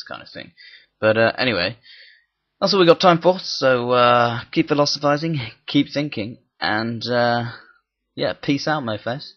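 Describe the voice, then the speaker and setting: A man's voice: mid-range voice, expressive, unhurried. A man giving rambling gameplay commentary, thinking aloud as he plays and dropping crude, jokey asides. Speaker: gaming channel host. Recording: dull lo-fi mic.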